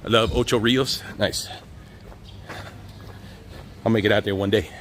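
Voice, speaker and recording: A man's voice: on the low side, a little slow. Easygoing male streamer, talks to chat while walking outside, laughs a lot, light street noise. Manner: relaxed, chatty, laughs often, reads chat aloud. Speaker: live-stream host. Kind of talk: casual walk-and-talk live stream. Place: outdoors on city streets, walking.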